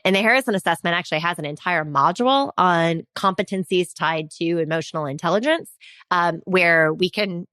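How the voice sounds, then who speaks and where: A woman CEO speaking as a podcast guest, animated, laughing easily and acting out quoted voices. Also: fairly low pitch, no room sound. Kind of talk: conversational interview.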